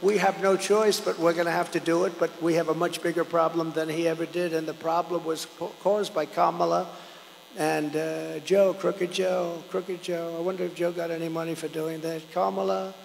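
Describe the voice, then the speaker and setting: An older man giving a campaign rally speech, rambling and repetitive, swinging between loud declarations and low asides. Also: little pitch movement, normal speed, gravelly, slight background noise. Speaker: political candidate at a rally. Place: large outdoor or arena rally. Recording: echoey hall with long reverb.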